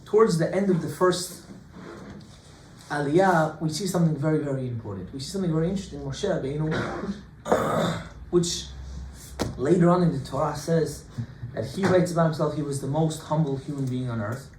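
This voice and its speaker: A rabbi teaching an informal class, lively and joking, who keeps firing rhetorical questions at his students. His voice sits a bit high for a man. He is recorded from across an echoey room, with a faint hiss underneath. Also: normal speed, long pauses, recorded from a distance.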